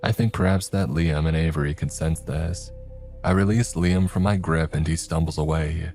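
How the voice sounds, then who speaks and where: A man narrating a first-person horror story in a tense, gruff manner. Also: a bass voice, fairly even intonation, moderate pace. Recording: soft music underneath.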